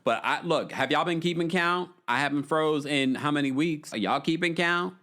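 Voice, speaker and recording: A man hosting a live stream, reading super chats and answering callers in a sassy, animated way with laughing asides. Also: fairly high pitch, moderate pace. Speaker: host. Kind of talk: live-stream chat reading fan comments.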